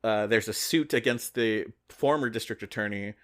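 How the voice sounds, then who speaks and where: A man's voice: lowish voice, normal speed. A man co-hosting a podcast in casual chat, retelling a story in a rambling way with lots of "like" and "uh". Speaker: podcast co-host.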